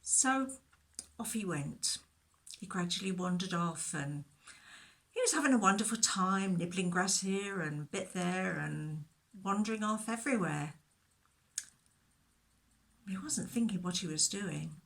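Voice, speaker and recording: Slow, bright woman telling a children's story. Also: on the low side, vocal fry. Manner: expressive, with whispered asides. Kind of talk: Bible story told to children.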